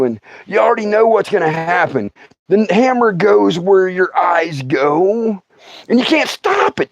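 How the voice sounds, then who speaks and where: A middle-aged male comedian spins a tall tale on a livestream, laughing as he goes. His voice is fairly high for a man and swoops widely up and down as he talks to his listeners. The sound is close and dry. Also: dry recording. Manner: animated, laughs through his own story, talks to the audience. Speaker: comedian and podcast host. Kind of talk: comic storytelling.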